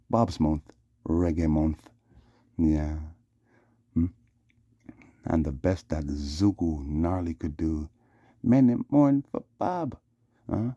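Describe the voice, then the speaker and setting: A man's voice: very deep voice, dark tone, breathy edge, no room sound, muffled recording. A man delivering a rambling vlog monologue, repeating "yeah" and "yes" as refrains. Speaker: vlogger.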